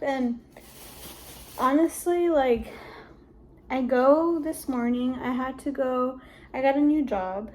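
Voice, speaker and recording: A young woman speaks to her camera in a casual, halting way, her speech full of "like" as she works through something emotional. Her voice sits slightly high yet sounds warm and mellow. A faint room ambience hums underneath. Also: a little hiss or hum. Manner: heavy use of "like", halting and emotional. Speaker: vlogger.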